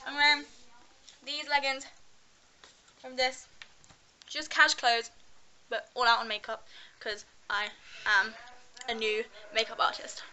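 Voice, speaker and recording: A woman's voice: sits high, pushed and bright, low-quality recording. A young woman chatting in a casual vlog, bubbly and giggly, filming herself at arm's length. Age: young adult. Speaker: vlogger.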